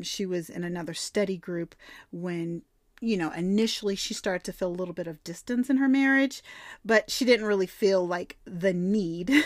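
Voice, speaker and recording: A woman hosting a faith podcast, telling a story and reading scripture, swinging from soft asides to loud emphatic bursts. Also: fairly low pitch, no room sound, studio quality. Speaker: podcast host and faith mentor.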